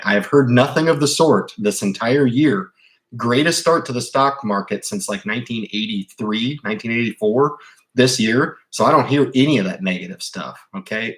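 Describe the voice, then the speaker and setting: A man with a fairly low voice hosting an investing livestream. He talks in a casual, rambling way, stumbling and restarting phrases, and presses his advice on viewers insistently. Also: fairly bright tone. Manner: rambling, emphatic, with repeated restarts. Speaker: investing channel host.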